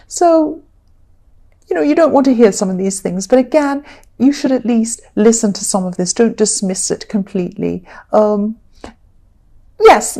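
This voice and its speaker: A woman giving a casual tarot reading in a relaxed, chatty way, with many fillers. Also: medium pitch. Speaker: tarot reader.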